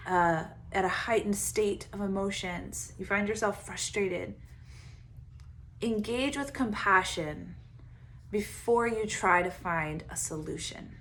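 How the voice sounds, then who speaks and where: A woman coach giving casual self-help advice, animated and quick to laugh as she acts out her own inner voice. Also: mid-range voice, a little hiss or hum. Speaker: Enneagram coach, podcast host.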